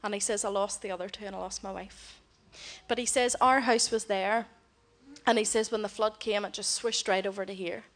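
A woman's voice: medium pitch, fairly even intonation, a little fast, fairly bright tone. Woman telling a mission story. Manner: heartfelt storytelling, voices others in quotes. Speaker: missionary speaker. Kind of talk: mission report to a church congregation.

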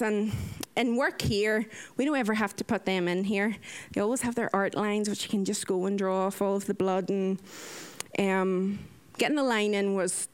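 A woman, a nurse, telling a personal story in a casual, animated way. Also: medium pitch, clean tone. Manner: lively, animated retelling with acted-out quotes.

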